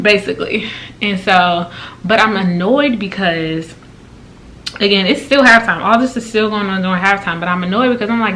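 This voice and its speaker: A woman vlogger telling a story in a casual, exasperated way, with her pitch jumping high when she quotes people. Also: fairly quick, slight background noise. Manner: animated and exasperated, with big pitch jumps when quoting.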